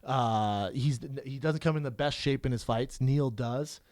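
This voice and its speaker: A young man co-hosting a podcast in a studio, joking loudly and riffing on silly bits in casual chat. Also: mid-range voice, measured pace, dry recording. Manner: joking, loud and goofy, repeats bits. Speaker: podcast co-host.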